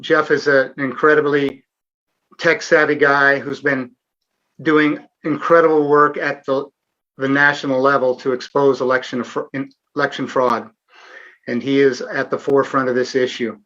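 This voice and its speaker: A man's voice: mid-range voice, little pitch movement, moderate pace, pushed and bright, highs cut off. A middle-aged man hosting a live online Q&A, talking earnestly with sarcastic asides and frequent fillers. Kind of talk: casual livestream interview.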